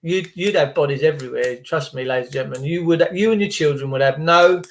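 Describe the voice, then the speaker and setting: A man's voice: a little high, fast. A man, talking to camera in a rambling monologue full of jokey asides. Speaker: vlogger.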